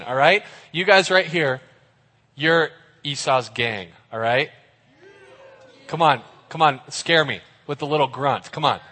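A man preaching a lively youth sermon, joking and getting the audience to join in. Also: mid-range voice, in a large hall. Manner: animated, jokey, gets the audience involved.

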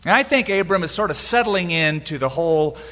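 A man's voice: expressive, brisk, long reverb tail. A pastor delivering an emphatic sermon, his voice rising and falling with light humor. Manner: emphatic preaching with wide swings in pitch and loudness, light humor.

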